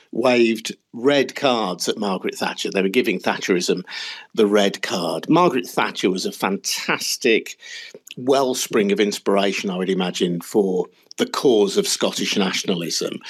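A man interviewing a politician guest, asking measured, probing questions. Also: on the low side.

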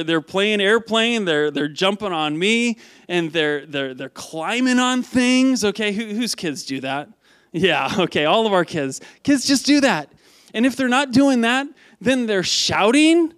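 A male pastor preaching a conversational sermon to a congregation, lively and prone to repeating words as he asks them questions. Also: fairly high pitch, dry recording.

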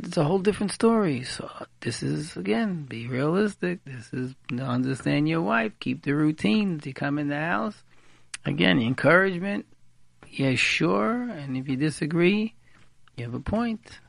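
Male radio advice speaker, very gravelly, repeats words for emphasis, peppers in Hebrew and Yiddish, dry close sound. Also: on the high side, expressive, measured pace, no echo. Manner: mixes in Hebrew and Yiddish terms. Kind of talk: informal advice talk.

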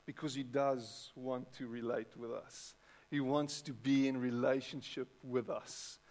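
In a church hall with a long, echoey reverb, a male pastor with a South African English accent delivers a sermon. His mid-range voice is steady, unhurried and darkish in tone, and he talks with the congregation and repeats words frequently.

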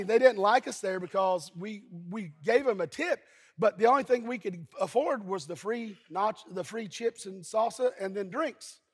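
A pastor from Eastern Kentucky preaches a sermon in a high, husky voice, telling folksy stories and now and then bursting into shouts. A long reverb trails every line.

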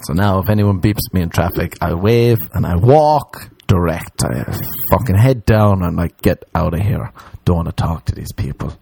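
Lowish-voiced man ranting comically. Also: lively intonation, moderate pace, creaky, a little mellow, breathy edge. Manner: rambling, profane storytelling that slips into mock voices. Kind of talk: comedic monologue.

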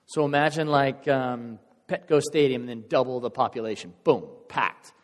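A male pastor giving a sermon in a church, telling a story in a casual, animated way and acting out the crowd's voices. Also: medium pitch, normal speed, in a large hall.

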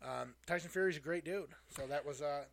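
A man's voice: a little high, fairly quick, gravelly, a bit bright. A man co-hosting a podcast, telling a rambling anecdote in casual chat. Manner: rambling anecdote with fillers and laughs. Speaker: podcast co-host.

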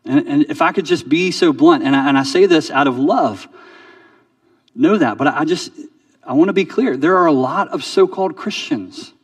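Conversational pastor preaching from a distance. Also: male voice, a little high, normal speed, breathy edge, no room sound. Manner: conversational, repeats words, drops soft for emphasis. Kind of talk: sermon.

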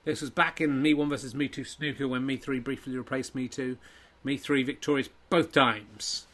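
A man hosting and commentating his own comic snooker tournament in an excitable, sweary, self-mocking way. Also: medium pitch, moderate pace.

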